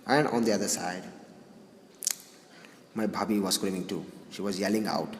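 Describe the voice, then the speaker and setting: A grieving man recalling a family funeral, speaking haltingly with many restarts and sighs. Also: low-pitched. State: grieving, subdued. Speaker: grieving brother recounting a funeral. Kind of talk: personal spoken recollection. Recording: roomy reverberant hall with faint noise.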